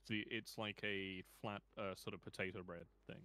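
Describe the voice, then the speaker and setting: A man with a fairly low voice, chatting in a relaxed way. He swears casually and pads his talk with uh and like. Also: normal speed. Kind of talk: casual chat.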